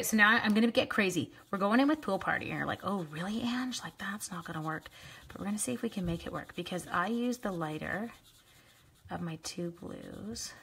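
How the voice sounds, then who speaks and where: A woman's voice: fairly low pitch, creaky, a bit bright, a little hiss or hum. A woman chatting casually with viewers while she makes a card on a live crafting stream, joking at her own mistakes. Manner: chatty, self-deprecating, talks to viewers while working. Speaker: card-making demonstrator.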